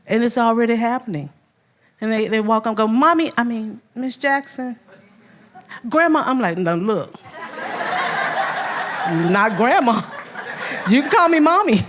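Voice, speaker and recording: An older woman from Louisiana with a Southern accent, a first-grade teacher giving a heartfelt speech and acting out her students' voices as she tells stories. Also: medium pitch. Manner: animated storyteller, acts out voices, laughs often. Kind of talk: heartfelt speech at an awards event.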